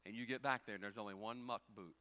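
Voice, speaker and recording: Folksy pastor with a bright voice. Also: male voice, on the low side, fairly even intonation, fast talker. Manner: swings from quiet storytelling to loud, climbing preaching; folksy, conversational preaching with rhetorical questions. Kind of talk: sermon.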